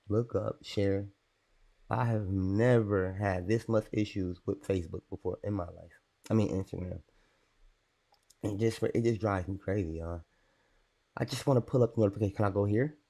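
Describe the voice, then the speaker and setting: A man's voice: fairly low pitch, moderate pace, creaky, long pauses, mellow. A young man on a casual livestream, rambling and irritated as he talks to his chat. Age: young adult.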